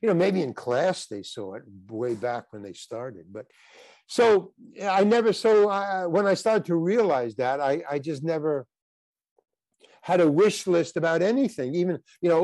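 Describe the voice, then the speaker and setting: An older man, a guest actor in a casual interview, tells rambling stories, often breaking off and restarting his sentences. His voice sits on the high side, animated and darkish in tone, with no room sound.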